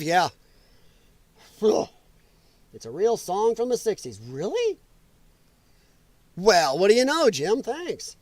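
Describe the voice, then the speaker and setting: A man talks off the cuff on his livestream, swearing freely, laughing a lot and reacting to his chat. His voice sits high and swings widely in pitch. The sound is close and dry. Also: big pitch swings, slow pace, long pauses, darkish tone, dry recording. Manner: loose, profane, laughing, reading chat comments. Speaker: livestream host. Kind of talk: casual political livestream chat.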